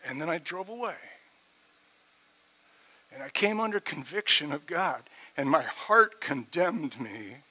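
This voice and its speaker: Middle-aged guy preaching, bright voice, goes quiet then gets loud and fired up. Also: big pitch swings, measured pace, long pauses, breathy edge, rough recording. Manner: swings from quiet asides to loud, pitched-up emphasis. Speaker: pastor. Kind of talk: sermon with personal story.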